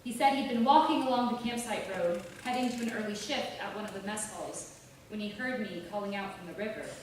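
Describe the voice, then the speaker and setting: A woman giving a measured, deliberate literary reading of a novel. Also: mid-range voice. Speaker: author reading her novel. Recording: roomy, distant, faint hiss.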